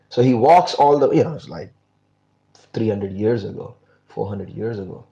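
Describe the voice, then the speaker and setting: Brief: male spiritual teacher, animated storyteller, warm mellow tone, slightly muffled audio. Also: lowish voice, normal speed. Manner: animated storyteller, frequent fillers. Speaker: spiritual class speaker. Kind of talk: storytelling religious lecture.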